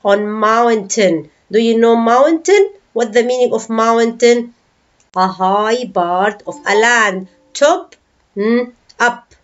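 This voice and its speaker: A woman's voice: on the high side, dull audio. A woman teaching an online English lesson, patiently explaining words, asking the class questions and sounding out syllables. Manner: breaks words into syllables slowly.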